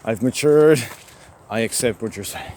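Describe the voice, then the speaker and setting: A man voicing his own father as a calm, placating middle-aged dad. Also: mid-range voice, moderate pace, a little hiss or hum, lightly acted.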